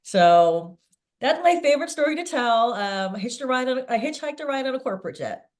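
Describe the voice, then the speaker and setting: A middle-aged woman, a sales veteran interviewed as a guest, telling a long anecdote in a lively way. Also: sits high, fairly quick. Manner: lively storyteller, acts out quoted voices.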